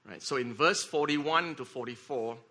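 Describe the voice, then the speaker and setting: A man's voice: medium pitch, moderate pace. A man preaching a sermon, often repeating words and checking in with the congregation by asking "okay?" and "right?". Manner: leads the congregation in shouting together.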